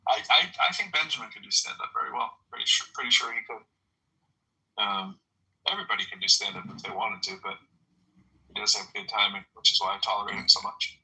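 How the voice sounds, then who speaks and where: A man's voice: fairly low pitch, fast talker, bright, forceful tone, low-quality recording. A man moderating a casual audio chat room, dry and hesitant, with lots of filler words.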